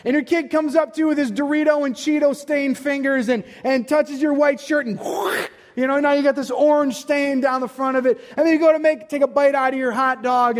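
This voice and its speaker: A man with a strikingly high voice preaches a fervent sermon, repeating his points and climbing to shouts. His words ring out with a long reverb through a large church hall. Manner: passionate, repetitive, often rising to shouts. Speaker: pastor. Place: church sanctuary.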